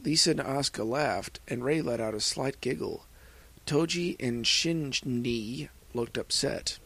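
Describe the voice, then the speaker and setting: A man narrating fan fiction aloud in an earnest, slow reading with small slips. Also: mid-range voice, a bit bright, breathy edge. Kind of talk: amateur audiobook narration.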